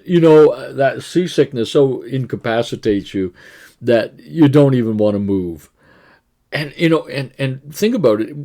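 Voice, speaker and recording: A man's voice: lowish voice, darkish tone. A man giving a devotional sermon in an earnest, conversational way, with frequent restarts and rhetorical questions. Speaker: pastor.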